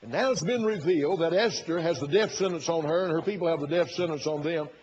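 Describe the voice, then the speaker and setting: A man's voice: on the high side, fast, darkish tone, a little hiss or hum. Folksy preacher man, lo-fi sermon. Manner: folksy, retells the story with quoted inner thoughts. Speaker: pastor.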